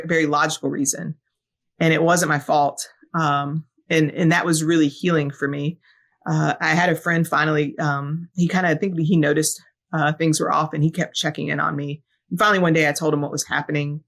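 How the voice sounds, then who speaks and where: Guesting on a podcast, this woman, a fire battalion chief, recounts something personal in a reflective, earnest manner. Her low voice has a creaky quality, and ums and uhs come up often.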